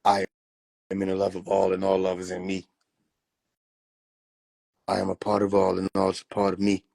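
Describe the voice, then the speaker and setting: A man's voice: sits low, monotone, normal speed, gravelly, a little mellow. A man chatting casually on a phone livestream, loose and profane, laughing often. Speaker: livestream host.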